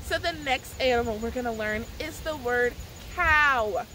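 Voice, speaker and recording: A woman's voice: sits high, lively intonation, moderate pace, bright, forceful tone, slight background noise, rough recording. A woman leading a children's sign language lesson outdoors at a farm, cheerful and sing-song like a teacher. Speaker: children's librarian.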